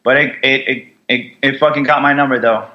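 A man's voice: medium pitch, steady tone, a little fast, highs cut off. An American man, a combat veteran guest on a podcast, telling his story in a raw, profane way, with many restarts and fillers. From United States. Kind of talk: candid storytelling interview.

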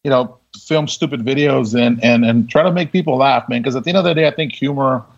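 A military veteran with a gravelly, creaky voice tells stories in a loose, conversational way. He laughs easily and acts out other people's lines as he goes. The recording sounds dull and lo-fi. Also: mid-range voice, a little fast. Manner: laid-back, laughing, full of quoted dialogue. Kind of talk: casual storytelling interview.

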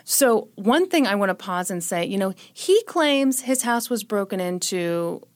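A woman co-hosting a casual true-crime chat, retelling the details of a case with wry, dark jokes. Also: mid-range voice, lively intonation, unhurried. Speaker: podcast co-host.

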